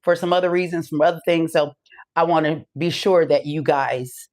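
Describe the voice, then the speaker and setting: A low, steady, slightly mellow voice at a moderate pace belongs to a forties-aged woman hosting a live podcast. Breathless, she keeps the live-stream chat loose, swearing and laughing with ease.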